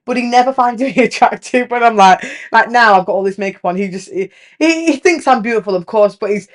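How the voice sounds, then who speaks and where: A woman in her thirties with a British accent talks in loose, unfiltered podcast chat. Her voice sits a little higher than most, and she swears freely and slips into quoted voices as she goes. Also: fairly quick. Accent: British English. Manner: frank, animated, swears freely, acts out quotes. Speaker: podcast host. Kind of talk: casual chat.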